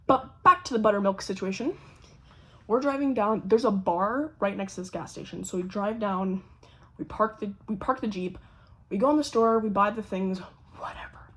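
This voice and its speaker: A young woman with a husky, slightly breathy voice tells a story to her camera in a loose, chatty way. She is animated, swears freely and slips into quick impressions of the people in her tale. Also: mid-range voice. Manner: animated, swears a lot, acts out quoted voices. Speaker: vlogger. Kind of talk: casual storytelling.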